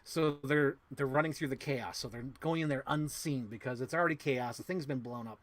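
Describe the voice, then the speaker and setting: A man hosting a podcast, excitedly retelling a movie plot to his co-host, swearing often and humming sound effects. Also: mid-range voice, fairly quick. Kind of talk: animated movie recap to a co-host.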